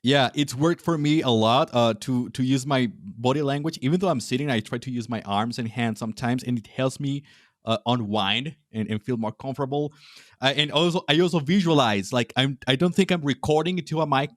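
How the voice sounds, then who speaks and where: A man's voice: mid-range voice, no room sound, studio quality. A Latino man hosting a podcast interview, talking casually with frequent restarts and fillers. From Latin America. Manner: hesitant, many restarts and fillers. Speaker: podcast host.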